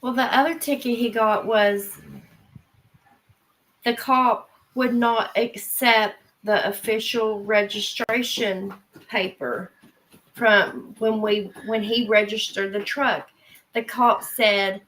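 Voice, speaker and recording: A woman's voice: a little high, steady tone, takes it slowly, fairly bright tone, low-quality recording. A woman in a casual chat, laughing often and rambling through a story.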